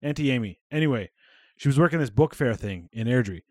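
Fast-talking man with a dry close sound. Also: mid-range voice, lively intonation, dry recording. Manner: rambling, swears freely. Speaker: podcast co-host. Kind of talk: casual chat.

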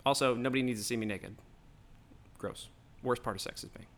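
A man's voice: medium pitch, a little fast, fairly bright tone. Fired-up man ranting solo. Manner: heated, profane, rambling rant. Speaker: podcast host. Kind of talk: solo political rant.

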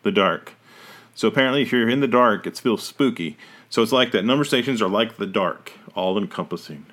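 A man's voice: fairly low pitch, expressive, a little fast, fairly bright tone. A man hosting a podcast in casual chat, rambling and often correcting himself mid-sentence. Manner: rambling, self-correcting, trails off. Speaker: podcast host.

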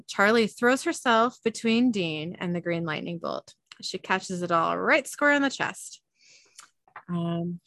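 A woman's voice: medium pitch, gravelly, a bit bright, dry recording. Chatty woman recapping, dry close sound. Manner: chatty, laughing asides. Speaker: podcast host. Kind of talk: casual episode recap.

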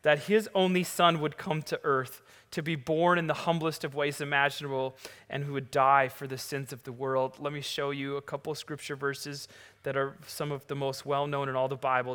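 A man's voice: mid-range voice, fairly bright tone, clean tone, long reverb tail. A man pastor preaching a sermon, reading scripture aloud and explaining it, building to emphatic lists.

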